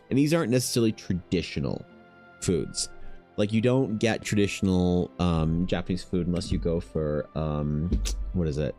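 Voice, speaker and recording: A man's voice: low voice, brisk, dark tone, soft background music. A man chatting casually on a stream in a laid-back, slangy, rambling way. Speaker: streaming artist. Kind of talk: casual chat on a livestream.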